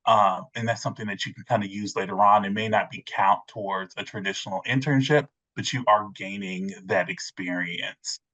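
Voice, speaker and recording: A man's voice: on the low side, fairly even intonation, normal speed, few pauses, pushed and bright. A man panelist giving friendly advice over a video call, with frequent ums. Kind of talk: casual panel talk. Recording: dull lo-fi audio.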